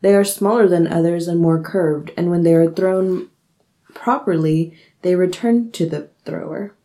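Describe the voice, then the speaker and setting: A woman's voice: fairly low pitch, measured pace, mellow. A young woman co-hosting a podcast, trading playful quips and reading a folk tale aloud. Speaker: podcast co-host.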